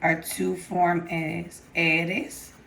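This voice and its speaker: A woman's voice: lowish voice, flat delivery, extremely slow, gravelly, a bit bright. A woman teaching a recorded grammar lesson, patient and often checking with "okay?". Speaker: Spanish teacher.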